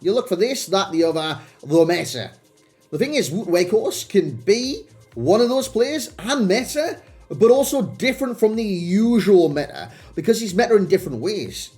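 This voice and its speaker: A man's voice: sits high, very animated, moderate pace, a little mellow. A young man chatting casually to his viewers as he reviews a game card. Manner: chatty, addresses viewers as lads and boys. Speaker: gaming video creator. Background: faint background music.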